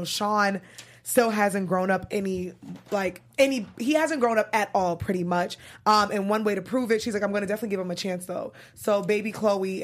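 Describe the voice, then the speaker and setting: A young woman hosting a casual TV recap chat show, chatty and animated, laughing often. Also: medium pitch. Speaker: podcast host.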